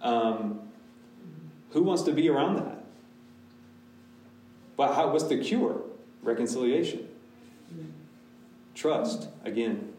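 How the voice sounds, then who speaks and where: Man, pastor, candid classroom Q&A, mid pitch, distant mic in a very reverberant room. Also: animated, slow pace, pauses often, dark tone, a little hiss or hum. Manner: candid, talks in restarts and asides. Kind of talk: casual Q&A with a church class.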